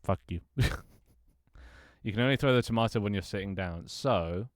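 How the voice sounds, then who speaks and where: Grumbling man, low smooth voice. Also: no room sound, clean studio sound. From United Kingdom. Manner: grumbling, swearing, quick to laugh. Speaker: live streamer. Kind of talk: casual live-stream chat. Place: small closed brick room at home.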